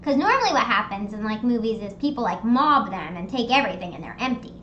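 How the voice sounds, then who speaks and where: A young woman hosting a casual livestream chat from home, telling stories in an animated, rambling way with lots of fillers. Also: on the high side, fast, roomy sound, highs cut off, a little hiss or hum. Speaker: streamer hosting a live hangout. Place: her home. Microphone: streaming desk mic.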